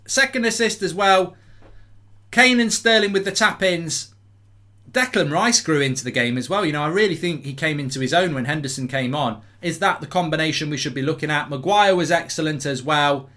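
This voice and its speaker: A middle-aged man from England hosting a live football watchalong, talking excitedly and breaking into chants and songs. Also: on the high side, fairly quick. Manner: exuberant, chanting and singing between rants. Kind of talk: excited live match reaction.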